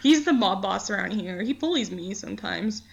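A woman's voice: medium pitch, expressive, normal speed, creaky, breathy edge, dull audio. A young woman co-hosting a casual podcast, chatting in a rambling way and laughing often. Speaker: podcast co-host. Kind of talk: casual chat.

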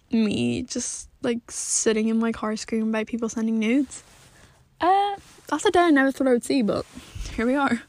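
A young woman vlogs from her car, blunt and exasperated, with frequent swearing and a constant stream of "like." Her voice sits a little high and carries a gravelly fry. The sound is close and dry, with no room echo. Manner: blunt and exasperated, swears a lot, fills every pause with "like". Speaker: vlogger. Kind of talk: casual rant to camera. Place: sitting in a parked car.

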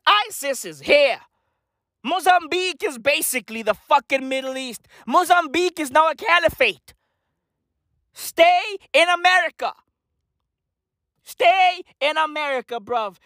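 Woman, profane comedic rant, unhurried, slangy asides. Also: high-pitched, animated, fairly bright tone, no echo, clean studio sound. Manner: rambling, tags lines with "right?" and "bruv". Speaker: comic ranter.

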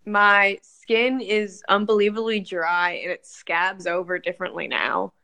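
A woman's voice: mid-range voice, steady tone, measured pace, bright, forceful tone. A young woman co-hosting a podcast in casual chat, giggly and rambling with lots of fillers. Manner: giggly, rambling with many likes. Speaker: podcast co-host.

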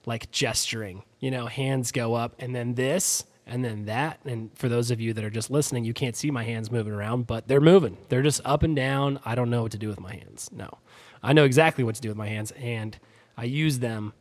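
A man's voice: mid-range voice, brisk. A man co-hosting a podcast in casual chat, rambling with many fillers and letting his volume fall off at the ends of phrases. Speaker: podcast co-host.

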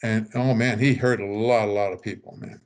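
A man's voice: fairly low pitch, fairly quick. An older man telling casual anecdotes, acting out the voices of the people in them. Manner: animated, acts out quoted voices. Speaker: storyteller guest.

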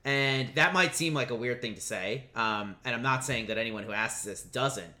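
A pastor co-hosting a podcast who works through faith questions thoughtfully, stopping to rephrase and check in with his listener. His voice is bright and forward at an ordinary middle pitch. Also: moderate pace. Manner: thoughtful, explaining scripture with many fillers and restarts, "right?" checks. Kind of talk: casual podcast chat about faith.

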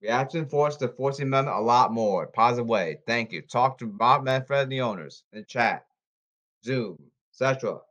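A man podcasting alone in a repetitive, halting, pleading monologue. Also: mid-range voice, a bit bright. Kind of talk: rambling solo monologue. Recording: slightly dull lo-fi audio.

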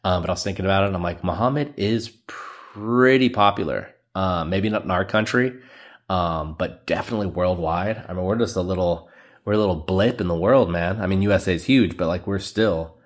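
Rambling young podcast host, low. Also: male voice, dry recording, studio quality. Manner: rambling, self-mocking, says "dude" a lot. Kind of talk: solo podcast monologue.

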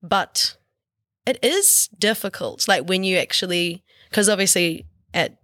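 A woman's voice: lowish voice, measured pace, a bit bright, no echo, clean studio sound. A young woman with a New Zealand accent, an actress chatting casually as a podcast guest, with easy laughs and many fillers. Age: young adult.

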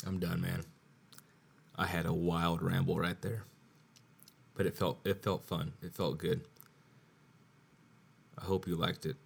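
A man's voice: sits low, little pitch movement, measured pace, gravelly, pauses often, noisy background. A tipsy man hosting his own podcast, rambling in a profane solo rant that keeps repeating itself. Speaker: podcast host.

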